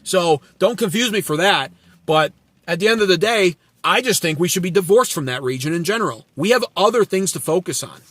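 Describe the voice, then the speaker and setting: Male channel host, sarcastic and crude, higher voice, dry close sound. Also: animated, a little fast, fairly bright tone, no room sound. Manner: sarcastic, profane, blunt. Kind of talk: political commentary with chat replies.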